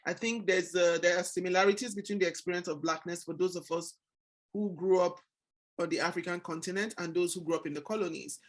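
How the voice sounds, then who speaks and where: A woman's voice: lowish voice, fast talker. A woman from Nigeria with a Nigerian accent, hosting a casual book discussion and telling stories with acted-out exchanges. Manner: animated storyteller, acts out quoted exchanges. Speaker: book club host.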